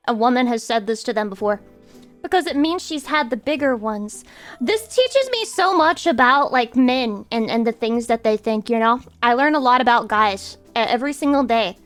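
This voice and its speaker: A young woman with a high voice chats casually with her stream viewers, playful and teasing. She breaks now and then into sudden squeaky outbursts. Faint music plays behind her. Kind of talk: casual chat reacting to viewers.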